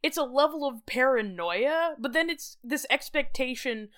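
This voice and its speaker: A woman's voice: high voice, expressive, normal speed, a bit bright, clean tone. A woman co-hosting a podcast, chatting casually and laughing often between lines. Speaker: podcast co-host. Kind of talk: casual comedic history podcast chat. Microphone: podcast microphone.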